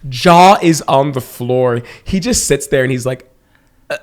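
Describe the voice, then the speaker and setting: A man's voice: medium pitch, a little slow. A man in his thirties co-hosting a podcast, telling a story casually, laughing often and acting out quotes. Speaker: podcast co-host.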